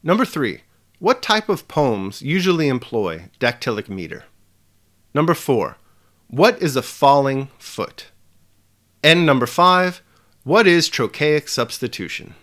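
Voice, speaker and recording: Articulate man giving a measured lesson. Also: mid-range voice, sing-song, fairly bright tone, faint music behind. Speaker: English teacher hosting a lesson channel. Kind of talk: scripted educational lesson.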